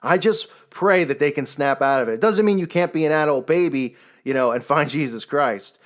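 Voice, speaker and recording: A man's voice: a little high, brisk. A man delivering an exasperated, indignant religious commentary rant. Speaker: online commentator.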